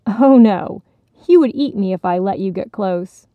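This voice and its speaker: A woman's voice: medium pitch, lively intonation, a little slow, no echo, narrow, tinny audio, lightly acted. A woman voicing a stubborn little frog. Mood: wary. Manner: wary, eager. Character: determined, stubborn young female frog.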